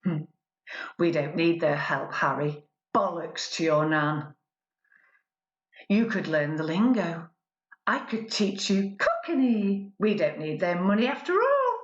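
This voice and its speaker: A woman's voice: fairly low pitch, big pitch swings, takes it slowly, roomy sound, highs cut off. A woman playing a pampered wife, sardonic. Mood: mock-cheerful. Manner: mock-cheerful, sardonic. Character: pampered newlywed woman imagining life poor. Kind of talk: spoken word poetry performance.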